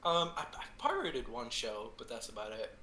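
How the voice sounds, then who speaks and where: A man's voice: mid-range voice, huge pitch swings, moderate pace, bright, forceful tone, roomy sound. An easygoing man chatting casually on a live stream show, laughing often. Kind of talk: casual chat.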